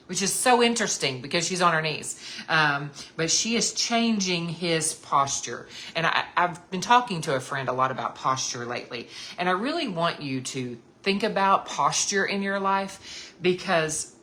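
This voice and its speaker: Addressing her listeners as sisters, a woman teaches the Bible devotionally to other women, earnest and emphatic, and returns again and again to her main points. Her voice is lowish, with a pushed, bright quality.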